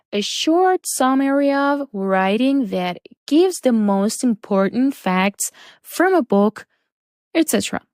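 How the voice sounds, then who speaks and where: A woman teaching a lesson, reading out words and example sentences slowly and deliberately. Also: fairly high pitch, darkish tone, no room sound, studio quality. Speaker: English teacher. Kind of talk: slow, careful English lesson.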